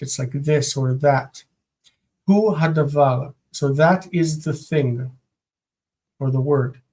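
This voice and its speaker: The voice here is medium-pitched, creaky, and darkish. It's a teacher on a live stream working through Biblical Hebrew grammar, sounding out and translating words, thinking aloud and repeating words as they explain.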